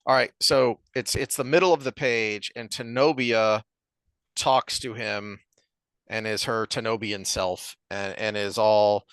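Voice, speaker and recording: A man's voice: fairly low pitch, fairly even intonation, a bit bright, clear, resonant tone, dry recording. A man co-hosting a podcast, casually discussing a book and reading passages aloud with lots of restarts. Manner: halting, reads passages aloud, many restarts. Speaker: podcast co-host.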